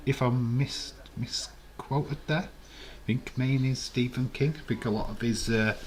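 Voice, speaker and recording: A man's voice: medium pitch, fairly bright tone, slight background noise. An English man hosting a live stream, chatting casually and rambling as he reads out viewers' comments and chuckles along. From England.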